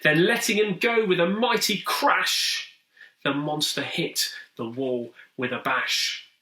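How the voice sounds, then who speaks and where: Slow, sing-song storybook reader, man. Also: on the high side, pushed and bright. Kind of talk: rhyming storybook reading. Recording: roomy echo, distant mic.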